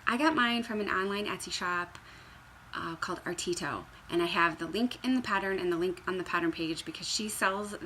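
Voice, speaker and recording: Sitting by the fireplace at home, a young woman who designs knitting patterns walks viewers through a chatty craft tutorial in a sharp-toned, mid-range voice, slight noise in the background. Her bubbly rambling is dotted with squeals, jokes and whispers.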